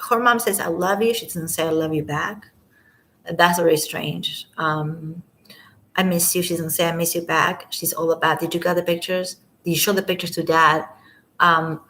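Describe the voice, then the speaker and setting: A woman's voice: on the low side, poor audio. Rambling woman on a late-night live stream. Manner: rambling, talks to viewers, trails off softly. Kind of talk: casual live-stream commentary. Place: at home, alone at night. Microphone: camera mic.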